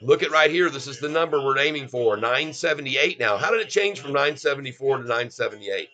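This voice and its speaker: A man's voice: medium pitch, expressive, a little fast, sharp tone, highs cut off. A middle-aged man, hosting a stock livestream and calling out chart moves in exclamations to his viewers. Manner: exclamatory, talks straight to viewers as folks. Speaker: stock market livestream host. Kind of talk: excited live commentary on a stock chart.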